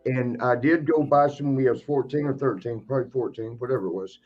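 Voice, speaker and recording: A man's voice: mid-range voice, quick pace, darkish tone, lo-fi sound. A man who hosts a podcast, telling rambling wrestling stories with laughter and frequent restarts. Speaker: podcast host, retired wrestler. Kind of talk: casual storytelling.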